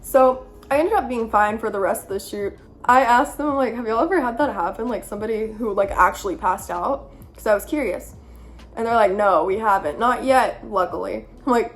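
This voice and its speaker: A woman's voice: fairly high pitch, a little fast. A young woman telling a personal story to the camera in a chatty, earnest way, full of fillers. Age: young adult. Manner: chatty, lots of "like", earnest and self-conscious. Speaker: vlogger. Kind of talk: storytime vlog.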